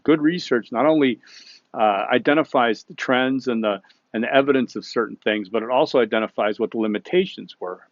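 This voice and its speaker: A man's voice: mid-range voice, no room sound. Casual male instructor, dull dry recording. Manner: conversational, frequent "okay?" check-ins and restarts. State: hiccups.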